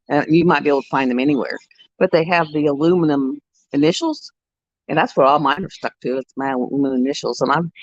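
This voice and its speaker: Woman, live-stream host, rambling chat, low voice, dull dry lo-fi sound. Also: dry recording. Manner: rambling, chatty storytelling.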